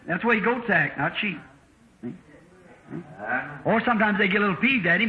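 A preacher with a notably high voice tells a homespun parable from the pulpit and acts out each character's lines. The recording is an old sermon tape that sounds dull and echoey, as if captured in a reverberant church. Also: male voice, lively intonation, normal speed, pauses often, noisy background. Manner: folksy storytelling preacher, acting out dialogue with shifting voices.

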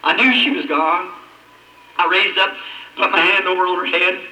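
A man preaching an emotional testimony, his voice breaking and climbing high, with long dramatic pauses. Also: fairly even intonation, pushed and bright. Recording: old echoey hall recording from a distance, faint hiss.

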